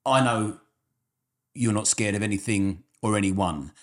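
A male interviewer with a fairly low voice, speaking in short prompts and soft acknowledgements while his guest talks. He keeps his interjections brief. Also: unhurried. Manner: brief prompts and quiet backchannels. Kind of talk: interview questions.

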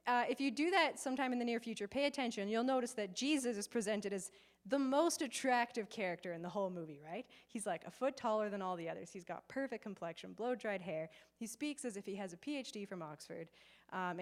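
A woman giving a conversational sermon to a live gathering, chatty and animated, with frequent fillers. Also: mid-range voice, fairly quick. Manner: chatty and animated, acts out quoted voices, many fillers. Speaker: preacher. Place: in person before a live gathering with slides.

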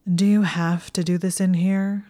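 A woman's voice: lowish voice, flat delivery, measured pace, warm tone, lightly acted. A woman voicing an aloof teenage boy wizard with a dry, exasperated manner, in an audiobook reading.

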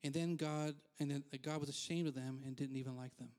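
A man's voice: medium pitch, fairly even intonation, fast talker, darkish tone. A man preaching a conversational sermon as pastor in a church, candid and self-deprecating, with frequent asides.

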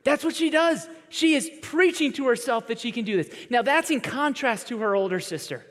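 A man in his thirties preaching a sermon as a pastor, talking in a conversational, animated way and acting out quoted voices as he tells stories. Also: very high voice, normal speed. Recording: long reverb of a large hall.

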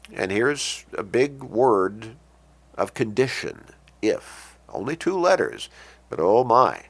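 A man preaching a sermon, reading scripture with emphasis and explaining it in a measured, pausing way. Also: mid-range voice, wildly swooping pitch, creaky, husky. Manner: emphatic, rising on scripture quotes, pausing and restarting.

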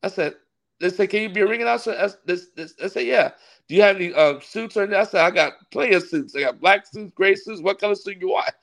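A man, a pastor, tells a long story in a relaxed interview. His voice sits a little high, and he is animated, often laughing as he acts out the people in his story. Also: fast talker, gravelly. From California. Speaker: pastor and wrestling ring announcer.

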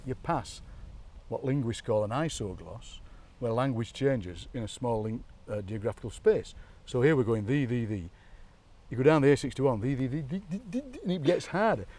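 A man with a Yorkshire accent chatting on an outdoor walk, an animated storyteller who mimics local accents and laughs often. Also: mid-range voice, distant mic. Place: outdoors by a graveyard.

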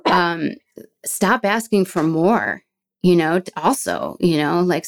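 Brief: female interview guest, lower register, animated storyteller who acts out dialogue and slows when moved. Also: creaky.

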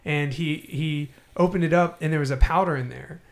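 A man with a slightly higher voice shares a winding personal story in casual podcast talk. He rambles, restarts and laughs easily, keeping the tone loose and animated. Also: a little fast, creaky.

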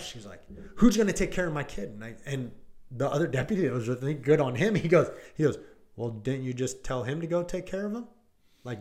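A male police deputy, probably in his thirties, casually retelling a call with lots of "like" and "I go" and acting out what people said. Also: medium pitch. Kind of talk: casual storytelling in a podcast chat.

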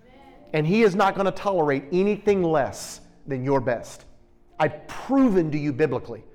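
A man preaching a sermon, shifting between quiet storytelling and loud, emphatic, direct challenges to his listeners. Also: on the high side, animated, normal speed. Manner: intense, direct, challenging delivery.

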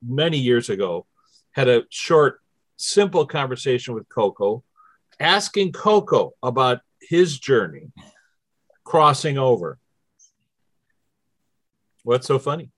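A man's voice: mid-range voice, sing-song, slow, long pauses, fairly bright tone, dry recording. Dry-sounding man guiding a chat. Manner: guiding, steps through numbered instructions. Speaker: host. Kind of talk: casual spiritual chat.

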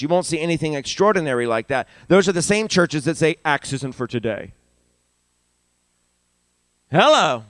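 Older male preacher, animated pulpit delivery, clean resonant tone, close and dry. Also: clean tone, dry recording. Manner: animated, rising in pitch and volume for emphasis. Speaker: pastor. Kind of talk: sermon. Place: church sanctuary.

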